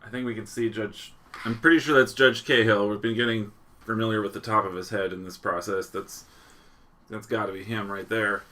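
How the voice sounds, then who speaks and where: A man's voice: fairly low pitch, steady tone, moderate pace, bright, forceful tone. A man hosting a live news stream, chatting casually and reading out where viewers are watching from. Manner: chuckles often, loose restarts. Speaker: livestream host.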